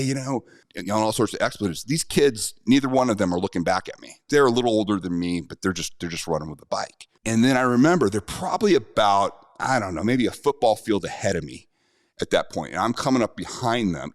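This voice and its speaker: A man's voice: lowish voice, dry recording, studio quality. A middle-aged man and self-defense instructor telling a personal story in a conversational, earnest way.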